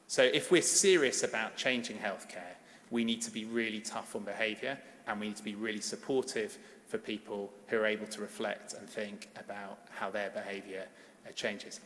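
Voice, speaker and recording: A man's voice: fairly low pitch, steady tone, moderate pace, a bit bright, a little hiss or hum. A middle-aged man, a paediatrician, giving a conference plenary in an earnest, emphatic way and urging the audience to act. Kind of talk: conference keynote speech. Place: large conference hall. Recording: long hall reverb.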